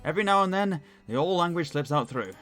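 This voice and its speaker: A man's voice: fairly high pitch, expressive, quick pace, fairly bright tone, voice pushed up. A man with a Northern English accent reading the lines of an old, evasive male butler in a formal, polite manner, with faint music behind. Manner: polite, formal, read aloud.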